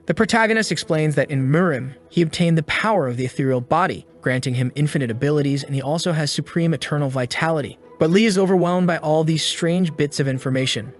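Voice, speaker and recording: A man narrating a story recap in a steady, even delivery. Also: a little high. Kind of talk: scripted narration. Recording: faint background music.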